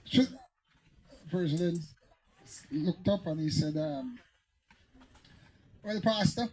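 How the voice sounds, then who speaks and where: A man's voice: a little high, animated, slow pace, a little mellow, husky, poor audio. A man with a Jamaican accent, preaching as a pastor and telling stories that climb into fiery, emphatic outbursts. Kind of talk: preaching Bible teaching.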